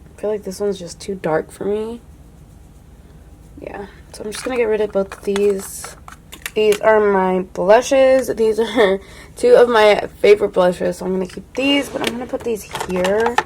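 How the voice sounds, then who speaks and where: A woman's voice: medium pitch, a little slow, slight background noise. Chatty young woman beauty vlogger. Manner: chatty, full of "like", drops to a soft hush when admiring products. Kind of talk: casual makeup declutter chat.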